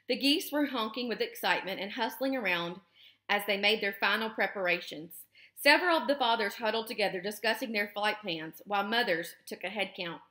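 A woman teacher reading a children's novel aloud in a clear, expressive storytelling manner. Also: mid-range voice, a little fast. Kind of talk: children's book read-aloud. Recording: roomy echo.

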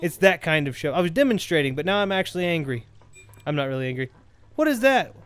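A man with a notably high voice talks through a video game in a rambling, excitable way. He jokes, trails off and restarts his thoughts as he plays. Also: quick pace, clean tone, dry recording. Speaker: gameplay commentator. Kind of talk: casual let's-play commentary.

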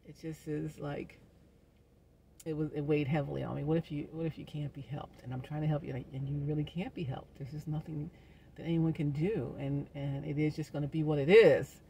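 Earnest woman with a gravelly voice. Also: sits low, fairly even intonation, a little fast, slight background noise. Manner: earnest and soul-searching, circles back to the same questions; gentle, faith-minded encouragement. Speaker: host of a wellness community show. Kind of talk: casual reflective monologue.

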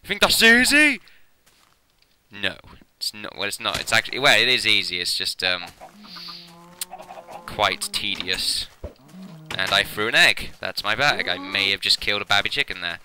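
A man giving casual, excitable gameplay commentary as a channel host, with swearing and laughing asides. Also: lowish voice, normal speed, pauses often, a little hiss or hum.

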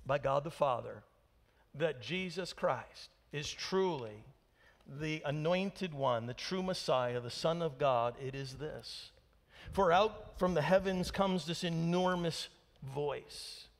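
A man's voice: high voice, big-room sound. A male pastor preaching a sermon to his congregation in a conversational manner, often asking them rhetorical questions. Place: church sanctuary.

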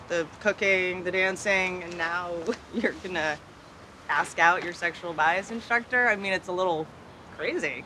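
An actress playing a blunt, sarcastic rookie firefighter in a sitcom. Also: female voice, lowish voice, pushed and bright, a little hiss or hum. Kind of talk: sitcom acting.

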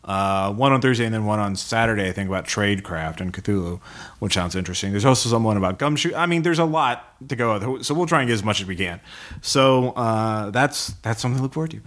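Relaxed male podcast host, lower voice. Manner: relaxed, halting with many fillers. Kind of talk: casual chat.

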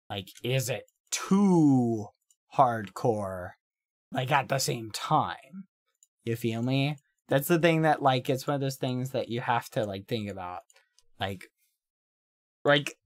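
A man's voice: mid-range voice, no room sound. A young man streaming a game, chatting to his viewers in a playful way with gasps and sung sound effects. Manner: chatty, addressing his chat. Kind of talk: casual gameplay livestream commentary.

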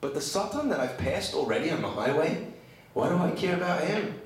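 A rabbi preaching to a women's group, emphatic and full of rhetorical questions and stories. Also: male voice, fairly high pitch, big pitch swings, fairly quick. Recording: very echoey room, distant mic, faint noise.

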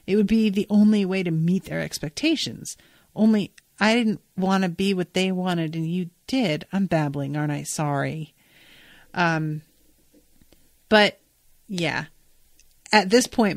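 A woman's voice: on the low side, unhurried, pauses often, dry recording, studio quality. A woman hosting a podcast, recapping a book in a chatty way and swearing freely. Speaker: podcast host.

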